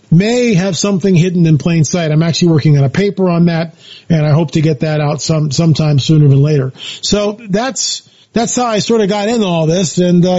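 High-voiced man telling his story emphatically. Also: dark tone. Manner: emphatic, repeats phrases, many fillers. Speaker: author and researcher guest. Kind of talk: animated storytelling interview talk. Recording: dull lo-fi audio.

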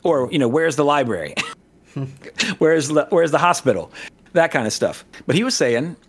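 Rambling Southern man, fairly high voice. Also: big pitch swings, normal speed, husky. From American South. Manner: rambling, many fillers and restarts. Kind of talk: casual chat. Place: Southern California.

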